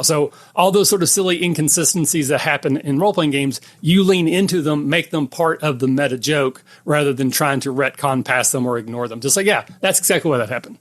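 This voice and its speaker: Male game designer guest, slightly high voice, jokey, self-deprecating, casual. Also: fairly quick, hardly any pauses, a bit bright. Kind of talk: casual chat.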